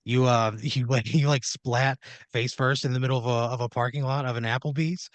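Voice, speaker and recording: A man's voice: mid-range voice, steady tone, a little fast, no room sound. Male podcast host, ad-libbing a crude story, rambling, dry close mic. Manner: rambling, profane, second-person narration with restarts. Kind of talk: improvised comedic storytelling.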